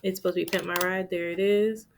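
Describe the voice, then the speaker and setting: A fast-talking woman with a lowish, steady voice and vocal fry chats with viewers while doing her budget. Her tone is playful and casual, with asides to herself, and the background is noisy.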